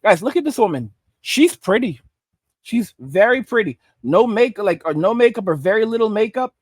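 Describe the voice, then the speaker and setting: A man's voice: sits high, sing-song, normal speed, no room sound, studio quality. A man from Arizona giving blunt, emphatic reaction commentary that he keeps punctuating with "all right?". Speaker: online commentator.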